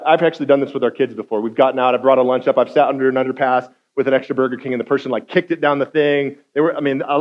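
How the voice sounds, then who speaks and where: A guest preacher, a man with a somewhat high voice, talks to his congregation in a relaxed, conversational way. He slips into acted-out quotes and builds to loud, intense stretches. The sound is muffled and a little dull. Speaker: guest speaker. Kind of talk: sermon.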